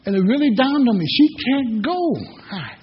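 Male pastor, high and husky, folksy sermon storyteller; dull lo-fi recording with long reverb. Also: expressive, normal speed. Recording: echoey hall, dull lo-fi sound.

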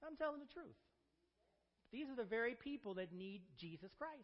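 Animated pastor preaching in echoey hall. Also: male voice, very high-pitched, moderate pace, long pauses, dull audio. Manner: preacher's call-and-response. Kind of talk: sermon.

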